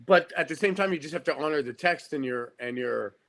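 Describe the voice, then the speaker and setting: A man's voice: a little high, a little fast, a bit bright. A middle-aged man from Canada, a guest actor in a casual podcast interview, talking frankly with many stammering restarts.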